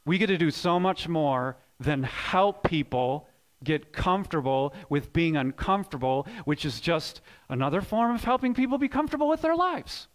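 A pastor gives an animated sermon at a moderate pace in a church sanctuary. His delivery shifts between loud, forceful outbursts and quiet, low passages, with frequent repetition of words as he develops his point.

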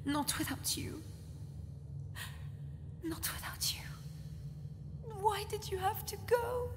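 A woman's voice: very high voice, animated, slow pace, heavily acted. An actress voicing a grieving young woman in a video game, pleading and tearful, often whispering. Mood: desperate. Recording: game audio with loud music.

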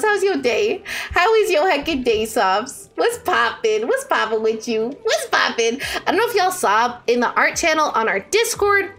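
A woman live streamer chatting casually with her viewers, bubbly and slangy, swinging between excited squeals and low mumbles.

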